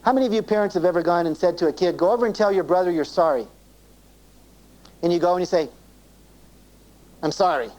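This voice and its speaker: Speaking quickly with frequent pauses, a man with a high-pitched, somewhat mellow voice runs a live self-esteem seminar. He performs small dialogues in quoted voices and questions the audience, all captured on a low-quality old cassette tape.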